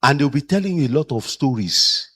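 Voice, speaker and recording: A man's voice: medium pitch, fairly quick, breathy edge. A man lecturing caregivers as a trainer and acting out the people he quotes. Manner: animated, acts out quoted people.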